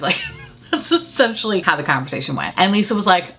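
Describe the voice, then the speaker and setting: A woman talks straight to her viewers in a loose recap, her pitch bouncing up and down as she tells the story. She is sarcastic, swears freely and breaks into laughter as she acts out what people said. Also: sing-song, quick pace, fairly bright tone. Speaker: YouTuber recapping a reality show. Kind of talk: casual chatty recap.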